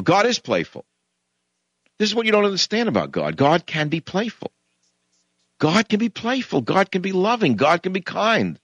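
A middle-aged man hosting a radio talk show, delivering a combative, sarcastic monologue that swings from mutters to loud, animated bursts. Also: high voice, moderate pace, dry recording.

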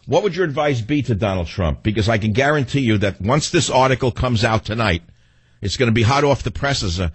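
A man's voice: lowish voice, slightly rough, no room sound. A man with a New York accent hosting a talk radio show, delivering a combative, emphatic and self-assured monologue.

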